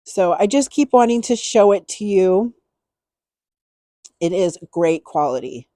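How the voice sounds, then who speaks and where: A woman's voice: medium pitch, animated, a little slow, warm tone, no echo. A middle-aged woman chatting casually through a beauty haul, rambling and repeating herself with enthusiasm.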